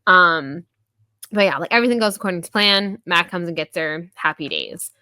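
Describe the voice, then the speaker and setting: Chatty woman with a bright, dry voice. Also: on the low side, clean tone, dry recording. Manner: chatty, many fillers, quick voiced quotes. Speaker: podcast host. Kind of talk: casual book review chat.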